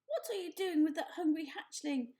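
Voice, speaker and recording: A woman voicing a blunt, bossy old female goose in a storybook, brisk and scolding. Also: very high voice, mellow, pitched above the performer's own voice. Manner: brisk, scolding and matter-of-fact.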